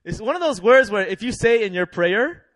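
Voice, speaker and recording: A young man preaching a sermon in a lively, laughing way, leading the congregation in call-and-response. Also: high-pitched, moderate pace, no room sound.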